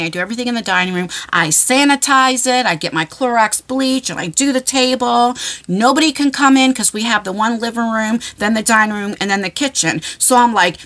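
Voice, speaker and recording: A woman in her forties, a vlogger telling funny stories to camera in a chatty, animated way with frequent laughs and fillers. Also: on the high side. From New Jersey shore area. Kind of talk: casual storytelling to camera.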